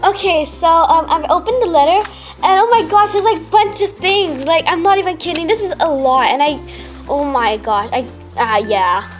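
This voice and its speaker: A teenage girl from Malaysia, gushing excitedly as she unboxes fan mail at home. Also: very high voice, normal speed, faint music behind. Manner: gushing, excitable fangirling with many "oh my gosh". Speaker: vlogger.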